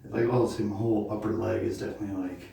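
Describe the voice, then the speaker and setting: A man with a low, mellow voice, out of breath and thinking aloud with plenty of fillers between sets of a home workout. He sounds distant from the camera, and the bare room around him rings with heavy echo. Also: steady tone, racing, gravelly, slight background noise. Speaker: vlogger doing a home workout. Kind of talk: casual workout talk to camera. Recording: very echoey room, mic far off.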